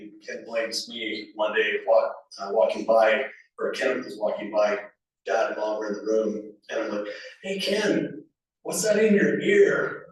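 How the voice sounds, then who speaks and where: A man giving a funeral eulogy for a family member, telling casual anecdotes with fillers and restarts and chuckling between stories. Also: lowish voice. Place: funeral home chapel. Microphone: distant from the recording microphone. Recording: echoey room recorded from far off.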